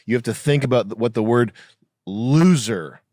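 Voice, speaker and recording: A man's voice: medium pitch, fairly even intonation, fast, a little mellow, dry recording, clean studio sound. A man in casual podcast chat, blunt and profane, at times reading news headlines aloud.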